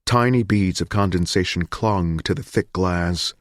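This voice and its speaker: A man reading a thriller audiobook in a measured, grim narration. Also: low-pitched, dry recording, clean studio sound.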